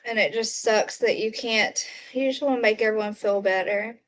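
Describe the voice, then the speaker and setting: A woman's voice: on the high side, normal speed. Chatty woman hosting a livestream. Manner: chatty, reads viewer comments aloud, gasps and exclaims. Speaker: livestream host. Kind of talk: casual livestream commentary.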